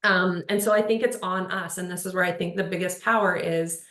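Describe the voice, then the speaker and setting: A woman's voice: fairly low pitch, steady tone, a little fast, a bit bright. A woman speaking on a panel in casual conversation, earnest and rambling, with lots of "like" and "you know". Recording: roomy echo.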